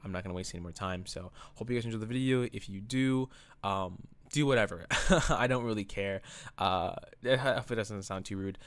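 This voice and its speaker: A man's voice: on the low side, fairly quick, clean tone, dry recording. A man casually talking through his own drawing in a rambling, laid-back, self-deprecating way, a bit out of breath. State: slightly out of breath. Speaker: artist vlogger. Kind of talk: casual commentary over drawing.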